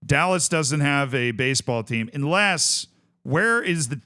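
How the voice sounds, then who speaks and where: A man's voice: a little high, expressive, measured pace, bright, forceful tone. A young man from Tampa streaming a game, chatting casually and thinking aloud as he lists things and corrects himself. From Tampa, Florida. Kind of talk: casual livestream chat.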